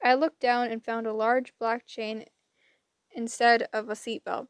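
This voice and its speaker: A woman's voice: fairly high pitch, level tone, unhurried, clear, resonant tone, no room sound. A woman reading first-person audiobook narration with wry storytelling. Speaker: audiobook reader.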